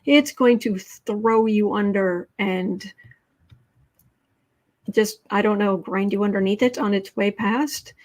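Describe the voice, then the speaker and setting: A woman talking through a livestream tarot reading, chatting with her viewers and reading their comments aloud. Her voice sits in a middle pitch, and her delivery is casual and chatty with dry, sarcastic asides. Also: takes it slowly. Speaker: tarot reader host.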